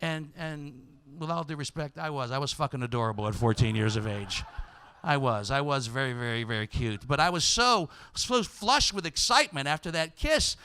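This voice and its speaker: A male podcast host telling a comic story live on stage, swinging from loud shouts to hushed asides. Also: mid-range voice, lively intonation, a little fast, few pauses, clean tone. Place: live stage before an audience.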